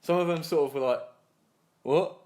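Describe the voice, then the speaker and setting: A young man in his twenties rambles through a story on a casual podcast, swearing freely and laughing as he goes. He slips into other people's voices to act out what they said, at a middle pitch. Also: normal speed. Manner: acts out other people's lines in his retelling. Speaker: podcast co-host.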